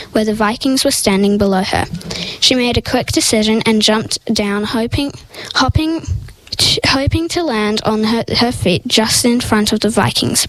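A woman reads a story aloud in a slightly high voice. She goes carefully through the narration. Now and then she trips over a word and corrects herself without fuss. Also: dry recording, low-quality recording. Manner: reads carefully, with small stumbles and self-corrections. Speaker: story reader.

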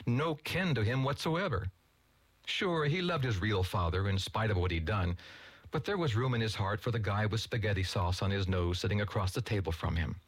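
A man narrating a story aloud, expressive and doing voices for each character. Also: fairly low pitch, dry recording, rough recording. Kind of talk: audiobook story reading.

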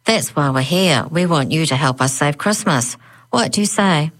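A woman's voice: deep voice, expressive, normal speed, poor audio. A woman voicing an eager, eccentric male professor who pleads and cheers. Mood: pleading. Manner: pleading, jubilant.

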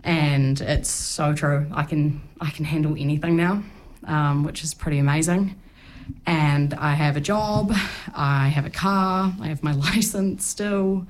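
A woman in her twenties telling her recovery story on a community radio show, candid and halting, with frequent pauses. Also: low voice. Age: 20s. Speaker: guest sharing recovery story. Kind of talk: personal testimony on community radio.

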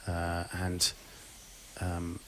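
A man's voice: sits low, completely flat delivery, very slow, bright, forceful tone, a little hiss or hum, poor audio. A man born in England co-hosting a music show, telling rambling stories in a playful, casual way. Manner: rambling, playful, does silly voices. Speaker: radio show co-host. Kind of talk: casual chat.

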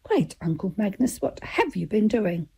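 Cheerful, adventurous old great-uncle from a storybook, hearty and mellow, read by a woman. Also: mid-range voice, big pitch swings, moderate pace, breathy edge, heavily acted. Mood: jolly.

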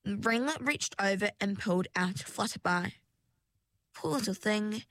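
A woman reading a storybook aloud in a slow, measured way. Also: medium pitch, expressive, fairly bright tone, no room sound.

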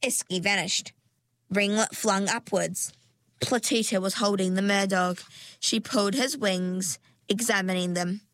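Storybook reader: a woman, unhurried and measured, in a dry, close sound. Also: mid-range voice, no echo. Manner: calm, measured reading. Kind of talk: storybook narration.

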